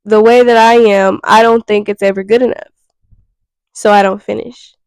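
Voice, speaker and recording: A young woman talks straight to the camera in a frank, rambling self-reflective monologue. Her voice has a gravelly edge, and it sounds dry and close with no room around it. She swears casually as she thinks out loud. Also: mid-range voice, level tone, moderate pace, no echo, poor audio. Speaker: vlogger.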